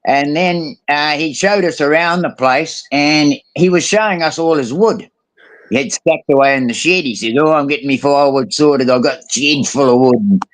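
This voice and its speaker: A man's voice: on the high side, moderate pace. A man telling a story in casual chat, slangy and acting out quotes. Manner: colloquial, swearing, acts out quotes.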